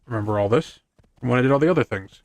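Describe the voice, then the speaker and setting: Male streamer, casual gameplay chatter, jokes at his own expense, middle pitch, dry close sound. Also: rapid-fire, darkish tone, no room sound. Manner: rambling, self-deprecating quips, chats to his horse. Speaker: gaming streamer.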